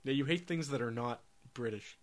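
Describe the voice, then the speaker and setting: A man's voice: medium pitch, normal speed, crowd noise. A young Canadian man joking and teasing his friends in casual chat.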